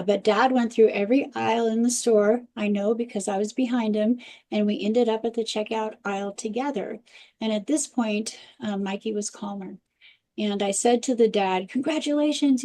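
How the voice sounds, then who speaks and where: A woman guest expert on parenting, telling a lively anecdote in an interview. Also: mid-range voice. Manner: animated anecdotal storytelling. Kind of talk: storytelling interview talk.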